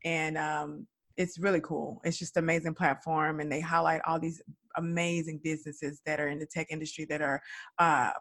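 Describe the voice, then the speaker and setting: Brief: chatty host, upbeat and teasing, middle pitch. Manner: lively, chatty, playful. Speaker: podcast host. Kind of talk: podcast interview.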